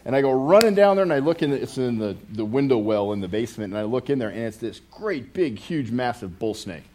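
Middle-aged pastor, casual and conversational, mid-pitched voice, self-interrupting, quick with a joke for the pews. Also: male voice, expressive, dark tone. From United States. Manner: rambling, self-interrupting, with joking asides to the congregation.

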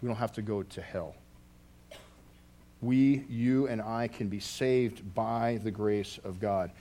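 A man's voice: fairly low pitch, slow pace, mellow. A man preaching a sermon as a pastor, telling a story earnestly and often restarting his phrases.

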